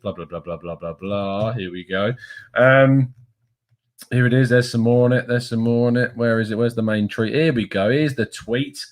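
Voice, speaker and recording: An excitable young man, hosting a football fan stream from his desk. He rambles in a mid-range voice, laughs often and mocks himself as he reacts. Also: mid-range voice. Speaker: football channel host.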